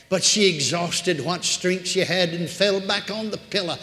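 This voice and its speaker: High-pitched preacher telling a story, drops quiet then booms, big echoey hall. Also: male voice, steady tone, moderate pace, few pauses. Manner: dramatic, swings from hushed to loud. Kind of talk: storytelling sermon.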